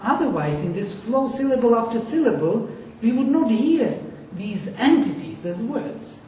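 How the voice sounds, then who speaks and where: Slow, mellow-voiced male lecturer. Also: extremely high pitch, sing-song, slight background noise. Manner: explanatory, asks the class questions; chants Sanskrit words slowly. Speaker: teacher. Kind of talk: lecture on Sanskrit accent. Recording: echoey room, distant mic.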